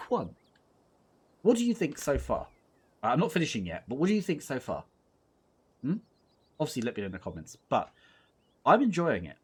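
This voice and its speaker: A man's voice: medium pitch, huge pitch swings, a little fast, long pauses, slightly rough. A young man casually commentating and reading aloud a horror game, playful and rambling, often mocking himself. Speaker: let's play host.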